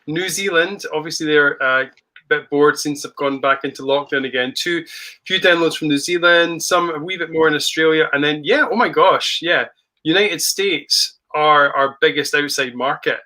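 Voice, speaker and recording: A man's voice: on the high side, normal speed, pushed and bright. A man co-hosting a podcast, joking and playful in casual banter. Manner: jokey, playful. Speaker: podcast co-host.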